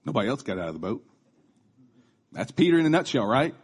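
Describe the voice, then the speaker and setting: A man's voice: medium pitch, big pitch swings, quick pace, husky. A man in his thirties giving a casual, conversational sermon, chatty, with restarts and asides. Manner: acts out quoted voices. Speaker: preacher.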